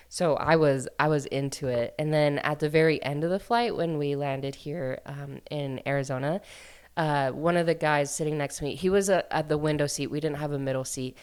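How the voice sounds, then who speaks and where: A woman with a low, deep voice hosts a book podcast. She talks in a loose, chatty way, full of fillers and quick asides, like she is telling a friend about a novel. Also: clear, resonant tone. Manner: chatty, filler-heavy, animated storytelling. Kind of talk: casual book review chat.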